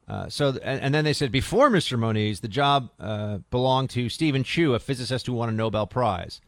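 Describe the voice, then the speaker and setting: A man's voice: medium pitch, fast, no room sound, clean studio sound. Sarcastic male talk radio host. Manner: sarcastic, combative. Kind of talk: political talk radio commentary.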